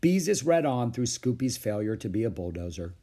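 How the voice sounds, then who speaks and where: A man reading a children's book aloud with expressive storytelling. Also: mid-range voice, brisk. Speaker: storybook reader.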